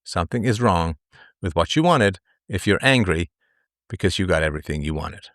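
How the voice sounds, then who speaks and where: A man's voice: deep voice, lively intonation, normal speed, a bit bright, no room sound. Guy doing a livestream rant, reads stats, repeats himself to drive it home, dry sound. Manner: reads statistics, repeats phrases for emphasis. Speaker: livestream host. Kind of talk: commentary monologue.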